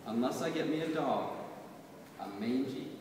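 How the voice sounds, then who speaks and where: A man's voice: medium pitch, expressive, distant mic, noisy background. Man reading poems in an echoey hall. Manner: rhythmic, measured recitation. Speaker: poet. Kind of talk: poetry reading.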